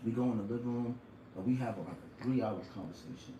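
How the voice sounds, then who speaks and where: Earnest fast-talking man in his forties. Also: medium pitch, background noise. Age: 40s. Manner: earnest, emotional storytelling. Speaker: guest. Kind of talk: casual podcast conversation. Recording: roomy sound from a distant mic.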